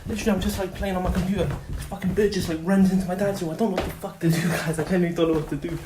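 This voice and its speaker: A man's voice: high voice, fairly even intonation, very fast, noisy background. A young man filming on his phone at home, nervous and swearing casually as he talks to the camera. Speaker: vlogger. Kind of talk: phone video narration. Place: house indoors.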